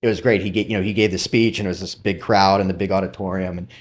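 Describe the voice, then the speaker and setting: A middle-aged man, a former military officer, talking casually as a podcast guest and animatedly telling stories with quick asides. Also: low-pitched, steady tone. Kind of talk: casual interview storytelling.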